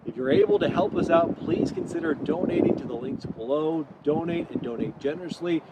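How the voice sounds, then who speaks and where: A man's voice: a little high, brisk. Midwestern guy hosting a fair stream, upbeat, city traffic noise behind. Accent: Midwestern American. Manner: upbeat promotional. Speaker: event host. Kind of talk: virtual event announcing.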